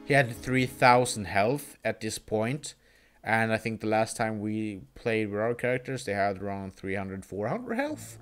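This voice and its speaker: A man's voice: on the low side, animated, measured pace, a bit bright, clean tone, faint music behind. A young man giving casual gameplay commentary, rambling with crude, swearing reactions. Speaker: let's play gamer.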